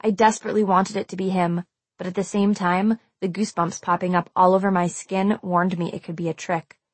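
A woman's voice: on the low side, level tone, fairly quick, husky, dry recording. A woman reading a first-person audiobook aloud, telling a tense and suspenseful story. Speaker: audiobook narrator.

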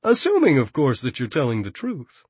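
A man's voice: medium pitch, huge pitch swings, normal speed, darkish tone, slightly rough, no echo. A man voicing a cheerfully menacing adult bounty hunter in an audiobook, taunting and mock-cheerful. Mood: smug. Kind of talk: audiobook character reading.

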